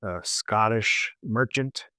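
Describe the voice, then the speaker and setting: A man hosting a comedy podcast, retelling a history story casually with halting restarts. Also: lowish voice, sharp tone, smooth, no room sound, clean studio sound. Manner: halting, many restarts and fillers.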